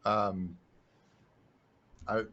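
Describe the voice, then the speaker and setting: A man's voice: fairly low pitch, fairly even intonation, extremely slow, sharp tone. A man playing a tabletop role-playing game who jokes wryly about his character. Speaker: player. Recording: dull lo-fi mic.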